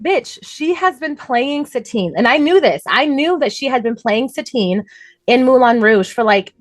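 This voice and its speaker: A woman co-hosting a podcast, telling stories in an animated, chatty way and laughing often. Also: fairly high pitch, normal speed, no room sound. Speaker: podcast co-host. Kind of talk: casual chat.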